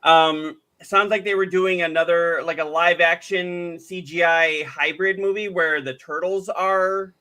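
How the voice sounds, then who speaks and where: Man, podcast co-host, high voice, bright tone, animated, acts out quotes. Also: unhurried, few pauses. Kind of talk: casual chat.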